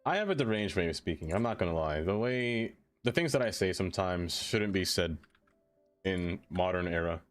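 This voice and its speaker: A man's voice: low-pitched, animated, normal speed. A man streaming a city-building game, chatting loosely and answering his viewers in a rambling, self-deprecating way.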